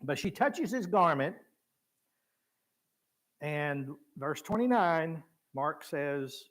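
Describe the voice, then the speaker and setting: A man's voice: fairly high pitch, slow, pauses often. A man preaching in a church, teaching conversationally and acting out the voices of people in the story. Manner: acts out biblical voices with lively shifts, chuckles. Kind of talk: conversational Bible class teaching.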